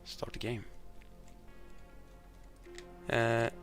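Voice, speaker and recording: A man playing a board game alone, reading the rules and story cards aloud and thinking out loud with hesitant restarts. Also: extremely slow, soft background music. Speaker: board game player demonstrating a game.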